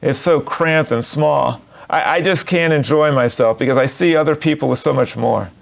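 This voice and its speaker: A man's voice: on the high side, moderate pace, vocal fry. A man voicing a complaining poor man in a cramped house, telling a folk story in a sermon.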